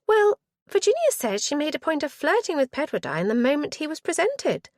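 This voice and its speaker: An eager, excitable young lady with a high, bright voice that races up and down, as a woman reader puts her on. She sounds breathless with enthusiasm, in a dry, close recording. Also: a little fast, no room sound. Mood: excited.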